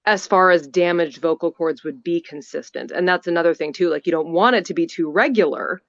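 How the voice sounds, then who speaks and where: A woman's voice: on the low side, a little fast, dry recording. Chatty woman voice actor, muffled. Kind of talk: remote interview.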